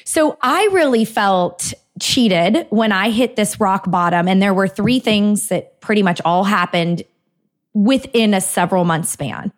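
Lively laughing woman telling a story. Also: medium pitch, unhurried. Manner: lively, laughs often, acts out her own past thoughts. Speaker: dietitian and author, interview guest. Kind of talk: casual storytelling in conversation.

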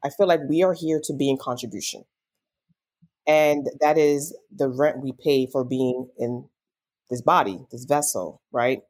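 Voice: medium pitch, a little slow, a little mellow. A life coach speaking as a podcast guest in an earnest, reflective way, musing on personal growth. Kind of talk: casual conversational interview.

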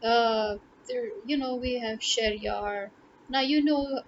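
A woman's voice: a little high, slow, dull audio, a little hiss or hum. A woman language tutor talking casually to camera in an emphatic way, repeating words to drive her points home.

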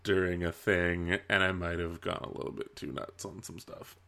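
A man's voice: sits low, little pitch movement, normal speed, creaky, fairly bright tone. A man co-hosting a casual chat, making dry sarcastic quips and swearing freely. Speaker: podcast co-host.

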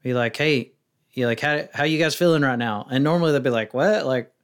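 A man's voice: medium pitch, fast, clear, resonant tone. Chatty man acting out quoted questions. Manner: rambling, acts out quoted questions in a lively voice. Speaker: wedding filmmaker guest. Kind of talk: casual podcast interview.

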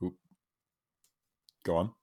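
A man's voice: takes it slowly, warm tone. A man co-hosting a podcast in casual chat, sarcastic and swearing, often laughing at his own jokes. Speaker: podcast co-host.

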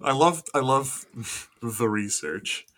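A man's voice: mid-range voice, expressive, slow, fairly bright tone. A man in a casual podcast chat, throwing in quippy, laughing asides.

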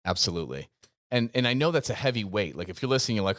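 A man's voice: lowish voice, sing-song, rapid-fire, a bit bright, no echo, studio quality. A man co-hosting a podcast, talking earnestly and emphatically about coaching gym owners, often repeating himself. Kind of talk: casual podcast chat.

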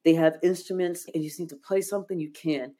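A woman speaks as a podcast guest, earnest and heartfelt, retelling a deeply personal experience. Her voice sits low and she leans on casual fillers as she goes. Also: fairly even intonation, fast talker, dark tone. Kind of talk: emotional personal storytelling.

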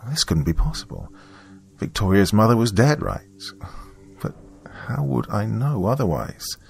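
A man narrating a first-person story in an expressive, measured reading. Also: fairly low pitch, vocal fry, slightly rough.

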